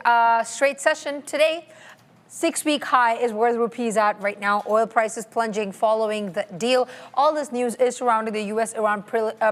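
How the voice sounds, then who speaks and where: A woman presenting a market news segment, reading currency figures briskly and fixing small slips as she goes. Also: fairly high pitch. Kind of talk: scripted market news read.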